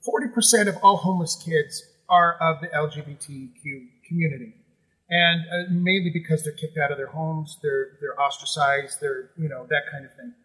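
Male stage actor guest, middle-aged; high, sharp-toned voice; animated emotional storyteller. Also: moderate pace, rough recording. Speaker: guest, musical theater actor. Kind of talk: conversational storytelling.

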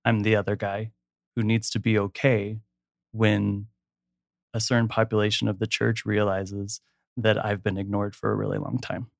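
A man's voice: lowish voice, little pitch movement, moderate pace, gravelly, no room sound, studio quality. A man speaking candidly and emotionally as a guest in a personal conversation, laughing easily.

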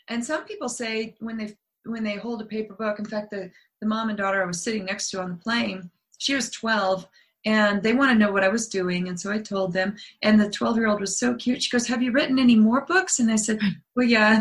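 A woman's voice: medium pitch, a bit bright. A middle-aged woman, a guest author, talking earnestly in a casual interview with many restarts. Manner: earnest, explains at length, trailing restarts.

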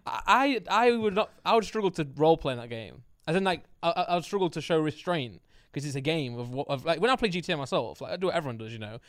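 A man co-hosting a podcast, chatting casually and joking with quick laughs. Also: a little high, lively intonation, no echo, clean studio sound. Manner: fast, jokey, laughs often. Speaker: podcast co-host. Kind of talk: casual chat.

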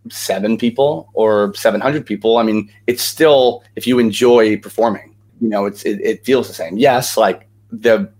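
A man's voice: lowish voice, moderate pace, hardly any pauses, a little mellow. A young man, a guest actor, telling stories in a casual interview with lots of energy and many fillers.

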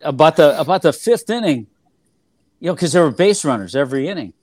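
An older man, a former ballplayer turned TV analyst, telling stories in a relaxed interview with many fillers and restarts. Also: a little high, fairly quick, dry recording. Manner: rambling, filler-heavy recollection with frequent restarts. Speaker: former player and TV analyst, guest.

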